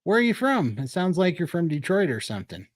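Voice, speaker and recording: A man's voice: high voice, very animated, fairly quick, no room sound. A man co-hosting a casual livestream chat over a video call, talking loosely with frequent laughs and rambling asides. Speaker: co-host of a livestream show.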